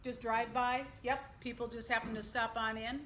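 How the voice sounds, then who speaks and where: A middle-aged woman leads a workshop and keeps throwing questions to the audience. Her voice sits a touch high. The room is echoey, with a faint hum behind her. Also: flat delivery, normal speed, a bit bright. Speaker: presenter. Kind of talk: interactive workshop presentation.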